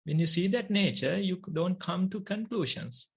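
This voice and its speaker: A Buddhist monk with a Sri Lankan accent, Sinhala his first language, giving a meditation talk in slow, measured phrases with long pauses. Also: high-pitched, animated, vocal fry, breathy edge.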